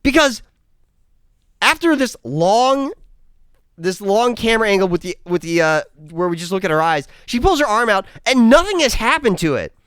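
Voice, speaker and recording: Male film reviewer, casual and sarcastic, swears a lot; very animated delivery, dry close-miked sound. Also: high voice, moderate pace, smooth, no room sound. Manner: rambling, sarcastic, swears freely.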